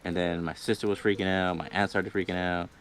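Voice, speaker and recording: A man's voice: sits low, little pitch movement, fairly quick. A young man casually telling a personal ghost story on a livestream, rambling, swearing freely and laughing between lines. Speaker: guest storyteller.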